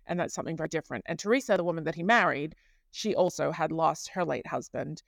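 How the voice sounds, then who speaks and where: A woman hosting a podcast in a chatty, animated monologue, often correcting herself mid-sentence. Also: low-pitched, fast, gravelly, no room sound, studio quality. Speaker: podcast host.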